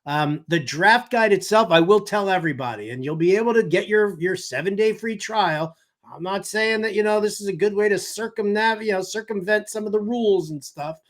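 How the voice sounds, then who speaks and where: A man's voice: high-pitched, a little fast. A man in his mid-fifties hosting a fantasy baseball podcast, rambling, joking and cursing freely in casual chat. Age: 50s. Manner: rambling, jokey, curses freely. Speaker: podcast host.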